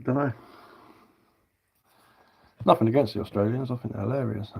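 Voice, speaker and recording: A man's voice: medium pitch, normal speed, creaky, long pauses, husky, lo-fi sound. A man with a southern English accent chatting casually on a live stream as he carves wood, rambling and answering viewer comments while he works.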